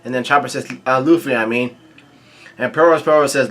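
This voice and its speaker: A man casually recapping a comic chapter, reading out the dialogue in a halting way full of fillers and restarts, with quick asides. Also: mid-range voice. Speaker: manga reaction host.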